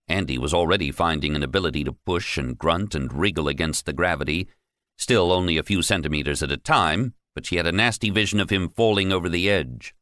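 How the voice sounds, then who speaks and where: A man narrating an audiobook in a measured, steady storytelling way. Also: low voice, dry recording, clean studio sound. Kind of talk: scripted narration.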